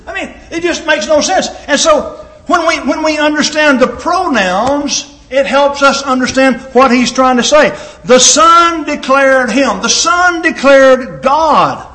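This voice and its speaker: A man preaching a sermon with emphatic delivery and sudden swings in pitch and loudness. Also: animated, measured pace, reverberant.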